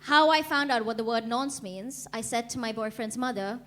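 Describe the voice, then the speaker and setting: A young woman from India performing a stand-up comedy set, deadpan and laughing at her own jokes. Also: on the high side, moderate pace. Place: comedy club stage.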